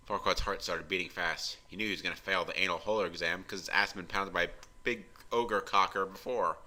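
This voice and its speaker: A man's voice: low voice, steady tone, fairly quick, bright, forceful tone, a little hiss or hum. A man hosting a comedy review, reading fanfiction aloud with a playful, giggling delivery. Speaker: host.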